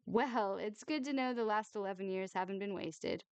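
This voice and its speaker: A woman voicing a reserved young woman who answers with dry, deadpan wit. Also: medium pitch, moderate pace, clear, resonant tone, no room sound, close to an everyday voice.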